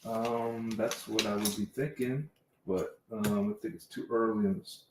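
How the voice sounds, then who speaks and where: A man's voice: lowish voice, fairly even intonation, moderate pace. A man answering in a dry, reluctant way as the co-host. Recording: echoey room with background noise.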